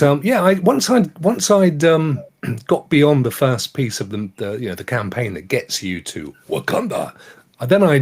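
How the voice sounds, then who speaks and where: A man's voice: mid-range voice, breathy edge. A man co-hosting a gaming talk show, chatting casually and joking around with a lot of laughter. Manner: jokey, animated, laughs often. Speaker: podcast co-host. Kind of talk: casual chat.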